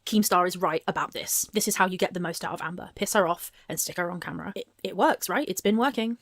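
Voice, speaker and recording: A woman's voice: fairly low pitch, fast, a bit bright, no echo, clean studio sound. A woman giving blunt, sarcastic commentary on a clip, swearing freely. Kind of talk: casual commentary.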